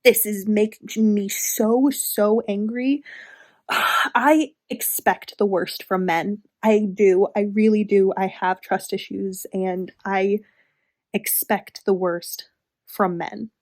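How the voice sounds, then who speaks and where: A woman book vlogger talks slowly in a casual review. She is heated and emphatic, and sighs between phrases. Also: medium pitch, steady tone.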